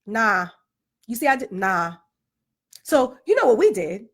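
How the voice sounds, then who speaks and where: A woman's voice: fairly high pitch, sing-song, unhurried. A woman telling a story as a parent, emphatic and repetitive, hammering her points home. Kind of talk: casual storytelling monologue.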